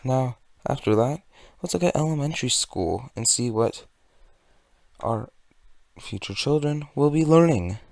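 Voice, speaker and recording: A man's voice: mid-range voice, lively intonation, measured pace, gravelly, a little mellow, no room sound. A young man from California giving a sarcastic, rambling commentary rant. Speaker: video commentator. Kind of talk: ranting commentary.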